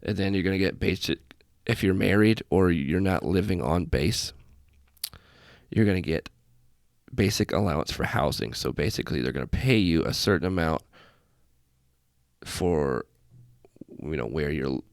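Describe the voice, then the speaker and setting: A low, expressive, creaky voice at a normal pace belongs to an airman hosting a casual podcast on his own. His talk is rambling and self-deprecating, full of tangents. The recording comes from a desk setup before his laptop in a small room with festive lights, and it's dry and studio-clean.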